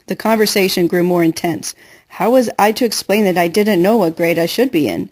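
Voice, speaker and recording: A woman reading a first-person novel aloud in an earnest, steady storytelling voice. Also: lowish voice, a little fast. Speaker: audiobook reader.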